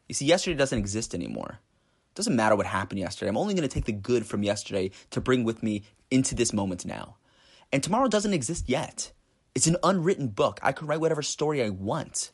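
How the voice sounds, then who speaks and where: A man giving an inspirational talk with a story, speaking with emphasis and rising force on key points. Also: medium pitch. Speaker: teacher.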